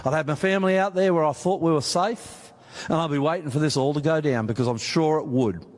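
A man's voice: on the high side, brisk, big-room sound. A man with an Australian accent preaching a sermon, emphatic and chatty, speaking straight to his audience. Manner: emphatic, conversational, addresses audience directly. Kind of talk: sermon on Bible prophecy. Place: meeting hall with audience.

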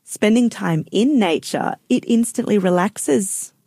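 A woman's voice: medium pitch, mellow, no echo. A woman co-hosting a casual Bible study show, reading verses aloud and sharing thoughts. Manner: reads scripture slowly, short agreeing replies. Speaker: co-host and Bible reader.

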